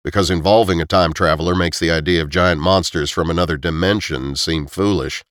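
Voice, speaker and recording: A man's voice: low-pitched, fairly even intonation, a bit bright, no room sound, clean studio sound. A male narrator voicing a sarcastic young man in a storybook reading. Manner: sarcastic, slow.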